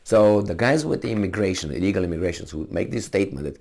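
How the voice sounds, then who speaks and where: A man's voice: deep voice, animated, quick pace, creaky, darkish tone. A man hosting his own channel, delivering an argumentative opinion monologue to camera and acting out imagined exchanges.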